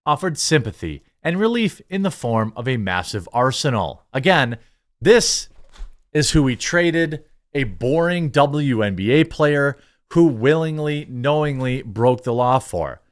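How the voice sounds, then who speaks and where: A commentary channel host with a medium-pitched, expressive, slightly slow voice reads article excerpts aloud in an online video, then answers them with mocking, indignant remarks.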